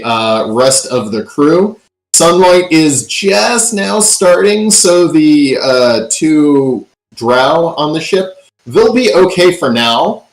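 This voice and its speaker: Game master in an echoey room. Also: male voice, a little high. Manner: dramatic recaps with filler ums. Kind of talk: narrating a tabletop game. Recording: roomy echo.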